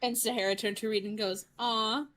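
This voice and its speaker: A woman's voice: mid-range voice, moderate pace, fairly bright tone. A woman co-hosting a podcast, chiming in with wry asides during a casual film recap. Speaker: podcast co-host.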